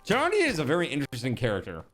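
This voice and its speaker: A man casually chatting to his viewers while he plays a game, animated and rambling, with many fillers and restarts. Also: mid-range voice, racing, slight background noise. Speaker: streamer.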